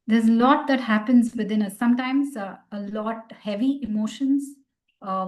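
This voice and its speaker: Gentle higher-voiced woman teacher. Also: low-quality recording. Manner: gentle, encouraging. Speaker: meditation teacher. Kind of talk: online class talk.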